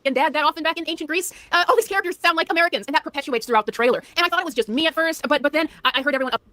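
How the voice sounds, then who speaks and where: A woman's voice: high-pitched, sharp tone, dry recording. A woman giving a critical video commentary, with frequent fillers and restarts. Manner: critical, rapid, with many fillers.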